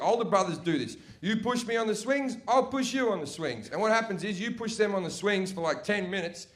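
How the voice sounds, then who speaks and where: A man doing a crude, swearing stand-up routine as an animated storyteller. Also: high-pitched, slight background noise. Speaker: stand-up comedian.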